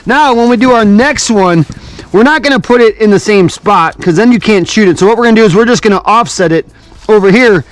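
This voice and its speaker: A man's voice: high voice, fairly quick. A man hosting a construction vlog outdoors in the cold, chatty and upbeat, a little out of breath as he explains each step. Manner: chatty, upbeat, explains steps while working. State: breathing heavily from cold and climbing. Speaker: builder and channel host. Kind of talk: casual construction vlog narration. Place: outdoors on a cold building site. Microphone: action camera.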